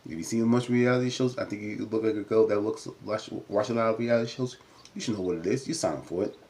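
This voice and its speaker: Chatty man with a low, mellow voice. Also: quick pace. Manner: chatty, many "you know" fillers, jumps up in pitch to act out quotes. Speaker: reality TV recap vlogger. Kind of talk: casual recap commentary.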